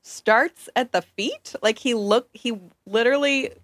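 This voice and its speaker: A woman's voice: on the high side, measured pace, no echo. A woman casually summing up a novel's plot in a chat with friends, slipping into mocking voices for the characters.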